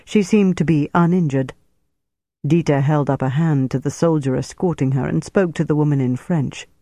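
A man narrating a novel as an audiobook in a measured, steady storytelling voice. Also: fairly high pitch, dry recording. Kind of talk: scripted narration.

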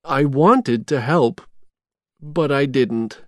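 Narrator doing quiet, earnest Jack. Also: medium pitch, extremely slow, no room sound, clean studio sound. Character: gentle gloomy skeleton man Jack.

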